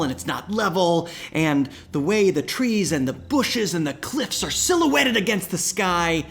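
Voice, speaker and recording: A young man hosting and telling a campfire ghost story, dramatic, dropping to hushed whispers and jumping to excited outbursts. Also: on the high side. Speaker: host and storyteller.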